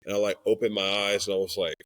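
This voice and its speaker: A man's voice: fairly low pitch, little pitch movement, fast talker, fairly bright tone. Earnest young man with a drawl. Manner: earnest and emotional, acts out quoted dialogue. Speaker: podcast guest, Christian rapper. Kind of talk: candid conversational storytelling.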